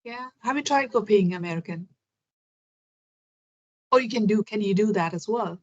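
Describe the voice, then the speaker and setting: A woman's voice: medium pitch, moderate pace, dull audio. A woman hosting an English conversation practice over a video call, asking curious questions with frequent restarts. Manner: curious, chatty, many fillers and restarts.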